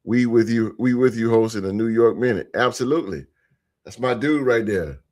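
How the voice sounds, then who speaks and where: A man hosting a sports podcast live, chatting casually with his live chat in a relaxed, repetitive way, speaking. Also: mid-range voice, moderate pace. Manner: laid-back, repeats phrases, shouts out chat members.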